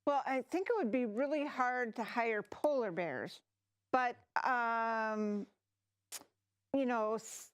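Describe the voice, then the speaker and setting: A woman's voice: on the high side, slow, no echo. A woman playing a hesitant, um-filled office manager. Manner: hesitant, many ums. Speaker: improv performer. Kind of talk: improv comedy scene.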